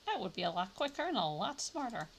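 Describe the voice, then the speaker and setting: Lively gravelly woman streaming a game. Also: medium pitch, fast talker, a little hiss or hum. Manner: chatty, thinks aloud, sudden playful exclamations. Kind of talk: casual live gameplay commentary.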